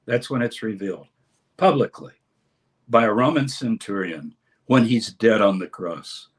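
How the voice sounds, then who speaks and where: A man speaking as a guest scholar in an interview, explaining a text with lively emphasis and reading passages aloud. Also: lowish voice, measured pace. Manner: animated, reads scripture aloud with dramatic emphasis. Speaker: scholar and course teacher, guest.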